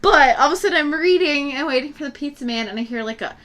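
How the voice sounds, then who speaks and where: A young woman and college student co-hosting a casual podcast chat, telling stories in an animated way, swearing freely and acting out the people she quotes. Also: high-pitched, fast, noisy background. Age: young adult. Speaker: podcast co-host.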